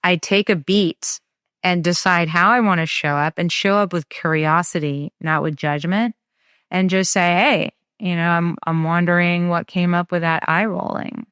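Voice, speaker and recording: A woman co-hosting a parenting podcast, speaking in a thoughtful, measured way with small pauses as she works through ideas. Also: on the low side, fairly even intonation, fairly bright tone, clean tone, no room sound, clean studio sound. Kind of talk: casual conversational podcast.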